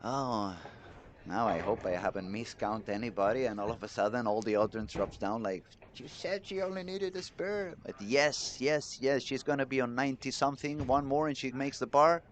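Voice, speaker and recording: Excitable male bowling commentator. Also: mid-range voice, normal speed, a little hiss or hum. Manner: chatty, excitable, reads chat messages aloud. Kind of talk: live sports commentary.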